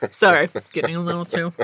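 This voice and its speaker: A young adult woman, a guest in a casual chat, telling animated stories and laughing often. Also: on the low side.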